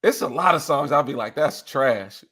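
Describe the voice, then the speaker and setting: A man's voice: fairly high pitch, fast, a little hiss or hum. A man talking casually as a guest, laughing often and singing bits of songs. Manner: animated, laughs often, sings snippets of songs. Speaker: interview guest, R&B enthusiast. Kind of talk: casual chat.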